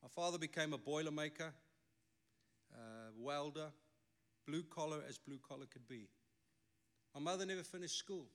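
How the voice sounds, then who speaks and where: A man with a South African accent preaches a sermon, his bright, slightly high voice carrying a forceful edge. He is an Afrikaans speaker and middle-aged. He delivers his points emphatically, with wry asides along the way. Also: moderate pace, pauses often. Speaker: pastor.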